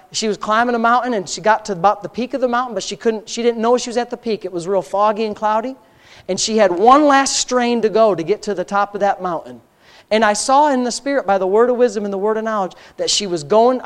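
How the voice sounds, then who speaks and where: Man preaching a fervent testimony. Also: high voice. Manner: storytelling, voice rising to impassioned near-shouting. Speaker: pastor. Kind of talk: testimony sermon.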